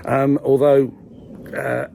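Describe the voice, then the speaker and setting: A man's voice: medium pitch, monotone, slow pace, vocal fry, warm tone, a little hiss or hum. A man, rambling wryly to camera in a village graveyard, full of hesitant ums and dry asides. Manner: wry, dry humour, hesitant with many ums. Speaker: vlogger. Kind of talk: casual rambling monologue.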